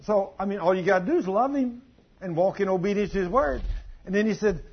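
An older pastor with a drawl tells a homespun story from the pulpit, slipping into country grammar. His voice sits fairly high and husky, and the recording is dull and lo-fi. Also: brisk. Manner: folksy, animated storytelling with dialect grammar. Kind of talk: sermon with storytelling.

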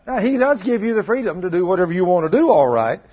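A man's voice: high voice, big pitch swings, fast, husky. A man preaching a folksy, conversational sermon and acting out the voices he quotes. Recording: muffled lo-fi recording.

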